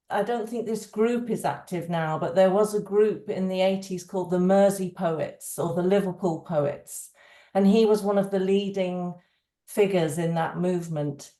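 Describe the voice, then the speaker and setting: A woman reading a poem aloud in a measured, unhurried way on a video call. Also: medium pitch, warm tone, reverberant.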